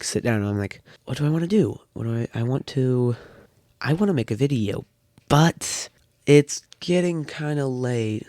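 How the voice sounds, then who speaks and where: A man's voice: on the low side, a little mellow, no echo. Thirteen-year-old boy, dry close sound. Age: teens. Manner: rambling, dry wit. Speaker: podcast guest. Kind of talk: casual chat.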